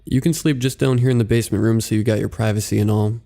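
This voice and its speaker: A man's voice: fairly low pitch, fairly even intonation, fast, warm tone, lightly acted. A man voicing a folksy male driver with a Southern American drawl.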